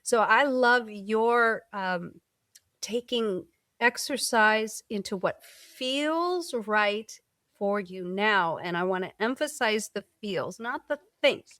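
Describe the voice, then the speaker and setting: A woman hosting a podcast interview, talking in an animated, expressive way with casual filler words. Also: mid-range voice, slow, no echo, studio quality. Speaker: podcast host. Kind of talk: conversational interview.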